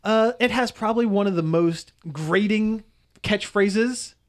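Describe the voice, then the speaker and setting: Chatty, somewhat high-voiced male radio host. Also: unhurried. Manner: chatty, laughing often, many fillers. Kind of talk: casual chat.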